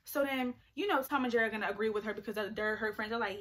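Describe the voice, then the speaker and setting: A young woman vlogger telling a story in an animated, chatty way, full of "like" fillers. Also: a little high, rapid-fire, few pauses. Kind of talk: storytime vlog.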